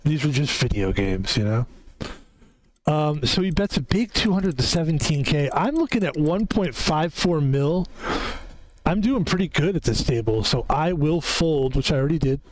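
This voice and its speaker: A man's voice: a little high, lively intonation, moderate pace, no room sound. A man casually commentating his own online poker game, rambling and correcting himself, with the odd swear word when he loses a hand. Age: adult. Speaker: gaming video host.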